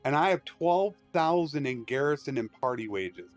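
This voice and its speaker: Expressive and speaking at a normal speed, a man with a mid-range voice streams a strategy game live. He explains his tactics and rants with firm opinions in loose, rambling talk, recorded dry on a close mic with faint music.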